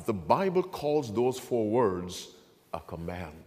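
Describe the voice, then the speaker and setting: Preacher with a booming call-and-response style. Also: male voice, sing-song, slow, long reverb tail. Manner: call-and-response, swinging from quiet to loud. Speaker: pastor. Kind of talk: sermon.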